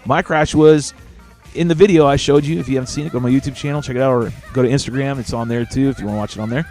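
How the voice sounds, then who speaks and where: A man's voice: medium pitch, fairly even intonation, very fast, darkish tone, faint music behind. A man hosting a casual live show, telling stories animatedly and swearing freely. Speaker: show host.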